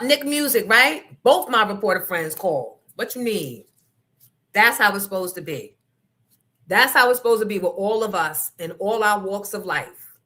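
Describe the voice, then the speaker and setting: Woman, talk show host, blunt, profane, emphatic, bright voice. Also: on the low side. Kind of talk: casual livestream rant.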